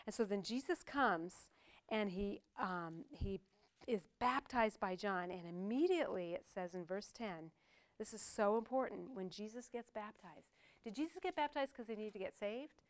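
A woman's voice: medium pitch, expressive, normal speed. An older woman preaching a sermon in a conversational way, with joking asides to the congregation.

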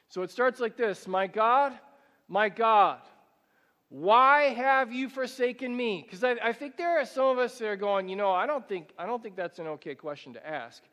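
A male pastor preaching a sermon, asking rhetorical questions and slowing down and rising in pitch when he reads scripture. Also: fairly bright tone. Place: church sanctuary. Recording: church hall with long reverb.

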